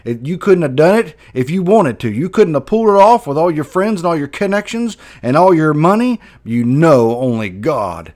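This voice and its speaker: A man's voice: on the high side, sing-song, normal speed, hardly any pauses, darkish tone. A man preaching a Bible sermon fervently, voice rising and dropping sharply for emphasis.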